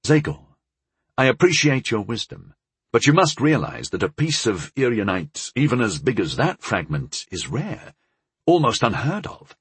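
An eager young mage, as a male narrator plays him, pitched higher than the narration, pressing with quick, urgent questions. His husky voice swings widely in pitch. The recording is dry and close. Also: sing-song, no room sound. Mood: earnest.

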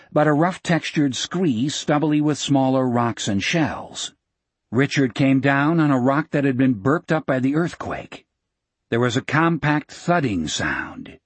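A man reading an audiobook narration in a measured, expressive way, shifting pace with the action. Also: mid-range voice, slightly rough, dry recording.

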